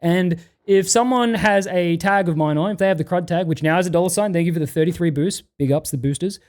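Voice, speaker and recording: A man's voice: high-pitched, fast talker, darkish tone. A man streaming, ranting and reading chat messages aloud in a profane, exasperated way.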